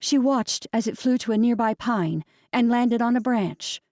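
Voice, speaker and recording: A woman's voice: a little high, a little slow, a little mellow, no echo. Woman narrator, dry close audiobook sound. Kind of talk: scripted narration.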